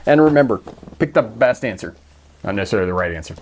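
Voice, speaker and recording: A man's voice: lowish voice, lively intonation, fast talker, darkish tone, a little hiss or hum. A man from Canada, a driving instructor, giving a casual live-stream driving lesson with frequent check-ins. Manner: conversational, checks in with "okay?" and "all right?".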